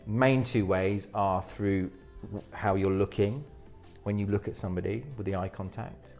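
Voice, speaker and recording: A man coaching on presentations in an interview, with a fairly low voice. He speaks with energy and often restarts his sentences to rephrase them. Faint music plays underneath. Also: steady tone, normal speed, vocal fry, darkish tone. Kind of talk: interview advice.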